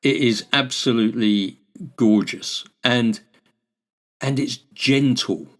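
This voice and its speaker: A man's voice: medium pitch, takes it slowly, fairly bright tone. Chatty older British-born man telling stories. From United Kingdom. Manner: chatty anecdotal storyteller, acts out exchanges. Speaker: podcast co-host. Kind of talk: casual chat.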